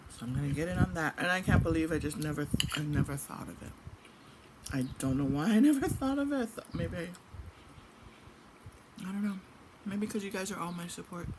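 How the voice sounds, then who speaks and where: A woman's voice: fairly low pitch, a little fast, pauses often. Middle-aged woman, chatty home vlogger, rambles freely, noisy recording. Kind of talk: casual chat.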